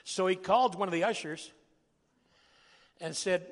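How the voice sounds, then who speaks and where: A man preaching a sermon in a folksy, joking way, rising to loud emphatic calls. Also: high-pitched, unhurried, pauses often, in a large hall.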